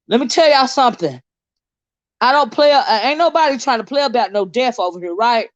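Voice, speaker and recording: A woman's voice: on the high side, animated, a little fast, no echo. A woman hosting a livestream in casual chat, fired up, blunt and profane, often stumbling over repeated words. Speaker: livestream host.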